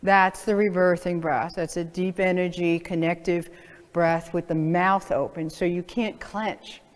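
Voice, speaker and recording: A woman's voice: lowish voice, flat delivery, measured pace. A middle-aged woman chiropractor giving a seminar talk to practitioners, earnest and conversational, with many "you know" fillers. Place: seminar hall. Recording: long hall reverb.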